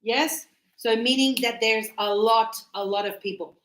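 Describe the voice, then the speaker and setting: A woman teaching English grammar to a class, stretching out words slowly and checking in with "yes?" and "right?". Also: fairly high pitch, fairly even intonation, a bit bright, roomy sound, poor audio. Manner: encouraging, checks understanding with tag questions; slow, drawn-out words for teaching.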